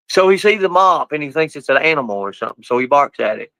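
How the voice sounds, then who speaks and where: A man chatting casually on a live stream, talking to his pets and viewers in rough, colloquial speech and swearing freely. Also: a little high, lively intonation, fast talker, hardly any pauses, bright, forceful tone, no room sound, rough recording.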